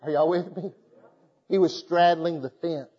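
A pastor preaching a sermon, moving from folksy storytelling into fervent, emphatic exhortation. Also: male voice, on the high side, steady tone, measured pace, dark tone, big-room sound, highs cut off.

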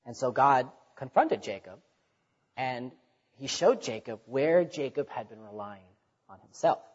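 In a conversational sermon, a man often repeats words and acts out quoted speech. His mid-range voice has lively intonation and a measured pace. The recording sounds dull, made in a reverberant hall.

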